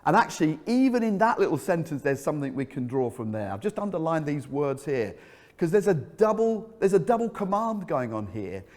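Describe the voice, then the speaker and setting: A man preaching in a church hall, his voice sitting a little high and trailing off in a long reverb. He tells the story with animated energy, then sinks low and quiet to drive a point home. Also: a little fast. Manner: storytelling, vivid and animated, drops low for emphasis. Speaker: pastor. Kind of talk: sermon.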